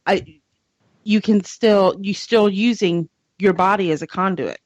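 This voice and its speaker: A woman's voice: mid-range voice, measured pace, darkish tone. A woman co-hosting a radio chat show, explaining her view in a chatty way. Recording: dull, dry radio sound.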